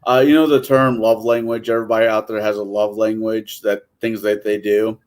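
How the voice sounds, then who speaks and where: A man's voice: fairly low pitch, flat delivery, brisk, darkish tone. A man in a casual late-night chat who talks bluntly and swears freely. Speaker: podcast co-host.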